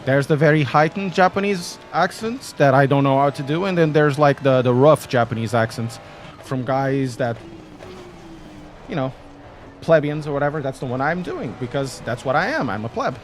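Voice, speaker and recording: A man's voice: medium pitch, animated, moderate pace, soft background music. A man, chatting casually and rambling jokily on a sim racing live stream. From Portugal. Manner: rambling, self-deprecating and jokey.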